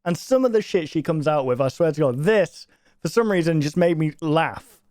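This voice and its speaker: Young man, reaction commentary, high lively voice, laughs often, dry close sound. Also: moderate pace, dry recording. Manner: laughs a lot, animated and exclaiming. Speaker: YouTuber reacting to clips.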